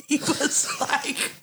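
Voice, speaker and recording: A man in casual chat, telling amused stories and laughing often. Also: bright, forceful tone. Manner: slow, amused storytelling, laughs a lot. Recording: faint background noise.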